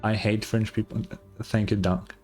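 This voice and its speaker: A man's voice: fairly low pitch, level tone, moderate pace, a little mellow, faint music behind. A man from Europe streaming a game, rambling casually and repeating himself as he answers chat. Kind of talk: casual live-stream commentary.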